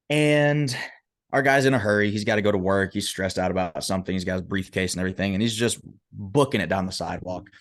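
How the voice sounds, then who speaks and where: A motivational speaker tells a story as a podcast guest with a low male voice. He is emphatic and keeps checking in with the listener, which keeps the storytelling conversational. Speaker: motivational speaker and performance coach.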